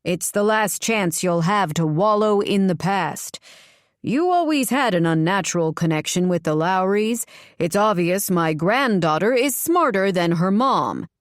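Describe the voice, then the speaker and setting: A woman's voice: medium pitch, lively intonation, measured pace, no echo, clean studio sound, lightly acted. A woman doing a smug, taunting older father. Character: domineering, taunting adoptive father, older man.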